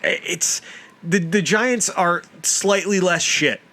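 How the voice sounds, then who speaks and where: A man's voice: sits high, slow pace, pushed and bright. A young man hosting a casual sports podcast, ranting and mocking teams with heavy profanity. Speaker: podcast host.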